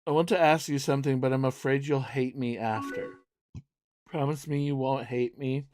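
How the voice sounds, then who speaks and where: A man's voice: medium pitch, fairly even intonation, moderate pace, darkish tone, no echo, soft background music, lightly acted. A man reading as a heartbroken young woman. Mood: sad. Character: heartbroken young woman friend, soft-spoken.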